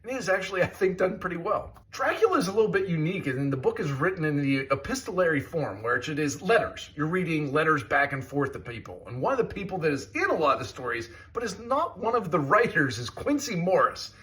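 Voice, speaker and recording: A man's voice: a little high, sing-song, fairly quick, few pauses, fairly bright tone. A man giving an enthusiastic, chatty review of a video game. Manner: enthusiastic, chatty, with scoring asides. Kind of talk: casual review commentary.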